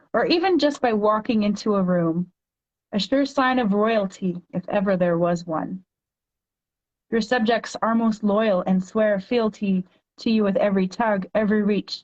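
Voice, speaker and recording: A woman's voice: mid-range voice, a little mellow, lo-fi sound. Earnest woman reading her own poetry. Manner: earnest, reads poetry slowly and deliberately. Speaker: podcast guest, poet. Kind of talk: conversational talk and reading her own poems aloud.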